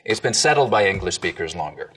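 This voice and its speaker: Lively low-voiced male dialect coach. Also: fast talker, distant mic, faint music behind. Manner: explanatory, lively, sets off examples clearly. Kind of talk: educational video presentation.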